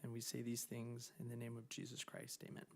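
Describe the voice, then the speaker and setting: A councilmember saying an opening prayer in a council chamber, solemn and formal, in slow, measured phrases. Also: male voice, mid-range voice, completely flat delivery, a little hiss or hum. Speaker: councilmember giving an invocation.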